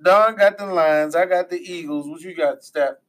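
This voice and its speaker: High-voiced man from DC hosting. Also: normal speed, a bit bright, poor audio. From Washington DC area. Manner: loose, profane, trails off mid-sentence. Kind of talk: casual sports chat.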